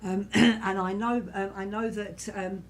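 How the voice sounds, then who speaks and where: A woman serving as a spiritualist medium, speaking softly and reassuringly to a congregation in a church, repeating herself often. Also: mid-range voice, fairly even intonation, measured pace, a little hiss or hum. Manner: gentle, reassuring, repetitive, many "you know"s. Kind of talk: giving spirit messages to a congregation.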